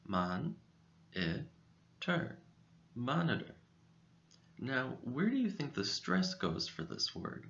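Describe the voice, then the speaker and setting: Guy teaching a vocab lesson, slow and clear, bouncy intonation. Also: mid-range voice, wildly swooping pitch, fairly bright tone, muffled recording. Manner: slow, clear, deliberate delivery. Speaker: English teacher.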